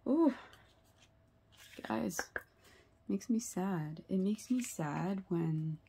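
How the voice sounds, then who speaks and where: Woman tarot reader, earnest and sympathetic; low, gravelly voice. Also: animated, very slow, background noise. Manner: earnest and sympathetic, many fillers and rhetorical "right?". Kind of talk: tarot reading video.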